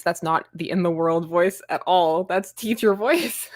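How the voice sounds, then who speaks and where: A woman's voice: on the low side, a little slow, dry recording, studio quality. A woman hosting a casual comics livestream, chatty and self-deprecating, laughing often. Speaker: comics show host.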